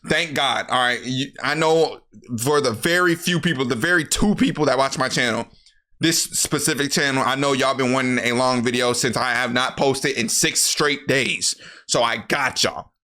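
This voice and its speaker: A young man casually recapping a movie plot to his viewers, animated and profane, jumping into the characters' lines as he goes. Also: moderate pace. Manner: animated, profane, acts out characters' lines in jumpy higher voices.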